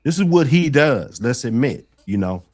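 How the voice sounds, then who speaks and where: A man on a casual livestream panel, making his case in a measured way and often adding "you know". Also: mid-range voice, big pitch swings.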